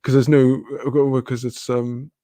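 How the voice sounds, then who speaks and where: A man's voice: mid-range voice, little pitch movement, unhurried, dark tone, no room sound, studio quality. A man with a British accent chatting casually on a live stream, reading comments aloud, rambling, laughing often and swearing freely.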